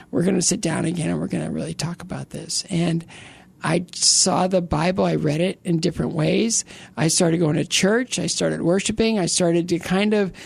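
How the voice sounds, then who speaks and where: A middle-aged man with a gravelly, creaky edge tells a personal story as an interview guest. He rambles and restarts his sentences, dropping joking asides along the way. The recording is dry and close. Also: high-pitched, darkish tone, dry recording. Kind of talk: casual interview, personal testimony.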